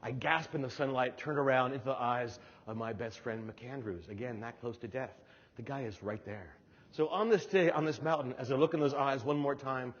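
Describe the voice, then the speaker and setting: A middle-aged man from New Jersey giving a humorous storytelling keynote speech, acting out voices with animated delivery. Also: mid-range voice, slightly rough. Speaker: keynote speaker. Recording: dull hall recording with long reverb.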